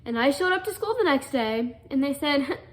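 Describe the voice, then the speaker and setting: A woman's voice: high-pitched, lively intonation, moderate pace. A young adult woman earnestly telling a personal story, full of fillers and restarts. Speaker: guest telling her story.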